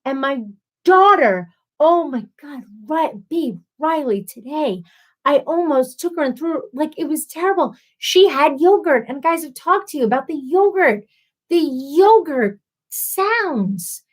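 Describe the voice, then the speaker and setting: A woman in her thirties hosting a casual live stream, ranting in an animated, exasperated way and acting out quoted voices. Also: high-pitched, measured pace.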